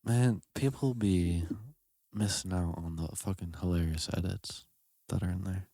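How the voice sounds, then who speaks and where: A man's voice: low-pitched, steady tone, a little slow, gravelly, mellow, no room sound. A young man co-hosting a podcast, laid-back and goofy in casual banter. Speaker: podcast co-host.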